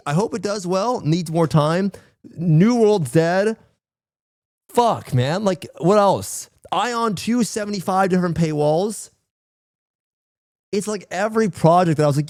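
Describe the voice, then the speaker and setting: Man, streamer, casual rant, profane slang, slightly high voice, dry close mic. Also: expressive, slow pace, a little mellow, dry recording. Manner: profane, rambling, exasperated ranting with slang. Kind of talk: casual livestream chat.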